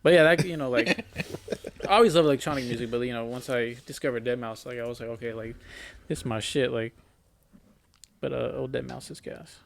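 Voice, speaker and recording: A man's voice: medium pitch, fairly even intonation, brisk, vocal fry, pauses often. A young man in his twenties, a podcast co-host, telling stories in casual chat among friends, loose and profane, full of "like" and "bro", rambling with many restarts.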